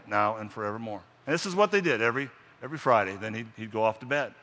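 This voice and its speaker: Male preacher, dramatic storyteller, bright forceful tone, hall reverb. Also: medium pitch, animated. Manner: dramatic, slowing and dropping for emphasis. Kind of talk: sermon storytelling. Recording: long reverb in a large hall.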